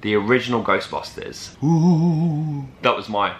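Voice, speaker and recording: A young man, vlogging in an excitable, chatty way as he talks to the camera. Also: mid-range voice, moderate pace, reverberant. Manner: excitable, chatty, lots of "like" and "oh my God". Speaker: travel vlogger. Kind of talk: casual vlog chat to camera.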